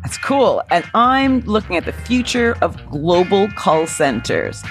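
A woman's voice: fairly low pitch, big pitch swings, a little slow, faint music behind. A woman co-hosting a podcast, chatting casually and laughing often. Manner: giggly and warm-humoured. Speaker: podcast co-host. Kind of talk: casual chat.

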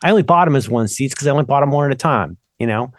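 A man's voice: medium pitch, rapid-fire, no echo, clean studio sound. A man co-hosting a podcast, rambling through casual tech chat and interrupting himself often. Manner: rambling, animated, self-interrupting. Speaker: podcast co-host.

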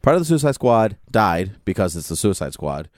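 A man co-hosting a podcast in casual chat, chatty and quick to laugh and sing a line. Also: fairly low pitch, very animated, a little mellow, no echo, clean studio sound. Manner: chatty, breaks into song and laughter. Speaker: podcast co-host.

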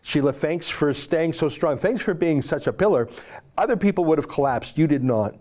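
A man hosting a talk show, giving emotional, pleading commentary that swings from loud declarations to hushed near-whispers. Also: a little high, normal speed. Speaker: show host. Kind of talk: impassioned commentary.

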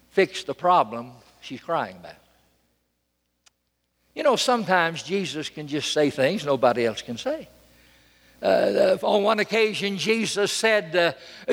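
A man preaching a sermon from a church pulpit, dramatic and emphatic, repeating phrases and swinging between loud and soft. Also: on the high side, creaky, long reverb tail.

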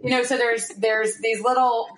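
A woman's voice: a little high, flat delivery, moderate pace, slight background noise. Woman podcaster, easygoing and laughy, a bit echoey. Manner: laughs often, agreeable back-and-forth. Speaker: podcast co-host. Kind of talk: casual chat about a film.

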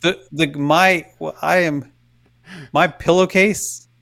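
A man's voice: a little high, fairly even intonation, takes it slowly, gravelly, a bit bright. A man co-hosting a podcast in casual chat, telling stories in a rambling, self-interrupting way. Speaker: podcast co-host.

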